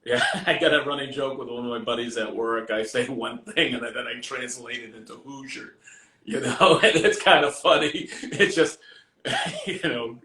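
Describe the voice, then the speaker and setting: Man, Maine accent, middle-aged, bright, casual rambling talk, chuckles often. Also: mid-range voice, moderate pace. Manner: rambling, laughs often, many fillers. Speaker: guest, finisher. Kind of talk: casual chat.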